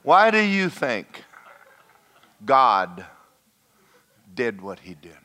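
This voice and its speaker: Preacher guy, middle-aged, folksy storytelling, voice jumps all over, goes loud then real quiet. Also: mid-range voice, big pitch swings, extremely slow. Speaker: pastor. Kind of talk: sermon.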